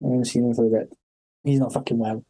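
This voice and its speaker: A man's voice: medium pitch, flat delivery, fast, mellow, breathy edge, rough recording. A man telling rambling anecdotes as a podcast guest, swearing constantly and breaking into laughter. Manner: heavy swearing, laughing, acting out quoted voices. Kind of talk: casual anecdotal storytelling.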